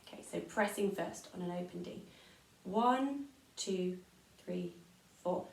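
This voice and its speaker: A woman's voice: on the low side, takes it slowly, creaky, recorded from a distance, background noise. English woman teaching strings, echoey room. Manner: counting aloud and chanting rhythm syllables. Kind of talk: online music lesson. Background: violin playing.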